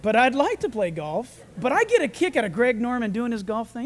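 A man preaching a sermon, animated, acting out voices and shouting for emphasis. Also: very high voice, fast, hardly any pauses. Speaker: pastor. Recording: reverberant hall.

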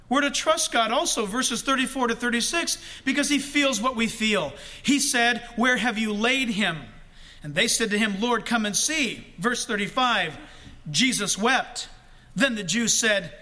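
A man preaching a sermon, pressing his points with rising emphasis and slowing right down on key words. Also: sits high, bright, forceful tone. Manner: preaching with rising emphasis and slow, drawn-out stresses. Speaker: pastor.

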